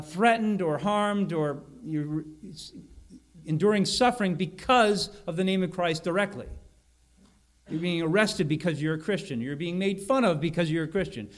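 A man with a slightly high voice preaches a verse-by-verse sermon. He talks earnestly and explains as he goes, repeating key words to drive them home. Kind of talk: expository sermon on a Bible passage.

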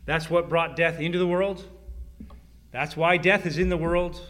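A middle-aged man preaching a sermon, with emphatic repeats and sudden drops to a hushed voice. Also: fairly high pitch, fairly even intonation, moderate pace. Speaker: pastor.

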